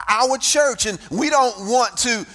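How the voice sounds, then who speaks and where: A man preaching a sermon, moving from reading scripture into shouted, sing-song testimony. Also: very high voice, slow. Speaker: pastor.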